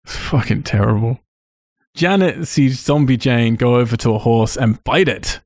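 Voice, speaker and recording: A man's voice: medium pitch, normal speed, darkish tone, no echo, studio quality. Laughing, sweary man recapping a film. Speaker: podcast host. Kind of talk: casual film review chat.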